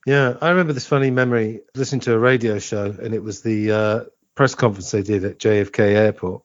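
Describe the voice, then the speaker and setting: A man hosting a podcast, chatting casually and reminiscing with a quick laugh. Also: lowish voice, fairly even intonation, no room sound. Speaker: podcast host. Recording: dull, dry lo-fi audio.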